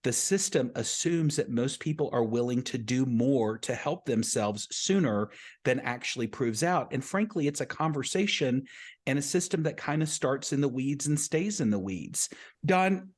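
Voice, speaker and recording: A man's voice: mid-range voice, animated, moderate pace. A man hosting an interview podcast, earnest and reflective, often repeating words as he talks. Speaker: podcast host.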